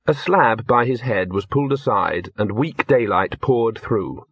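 A man calmly narrating a story as an audiobook reader. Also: lowish voice, unhurried, hardly any pauses, husky, dry recording, highs cut off. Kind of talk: scripted narration.

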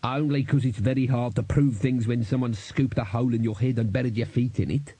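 A man's voice: medium pitch, steady tone, brisk, dark tone, slightly rough, no echo, natural voice. A man voicing a hot-tempered male dwarf musician who snaps and complains indignantly, in an audiobook reading. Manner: snappish, indignant. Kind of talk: audiobook character voice.

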